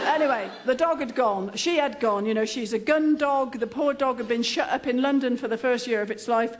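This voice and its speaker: A woman's voice: on the high side, a little fast, few pauses, a faint crowd, slight background noise. A middle-aged woman telling a humorous anecdote in a dry, self-mocking, conversational manner. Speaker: comic storyteller. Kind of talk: humorous anecdote told on stage.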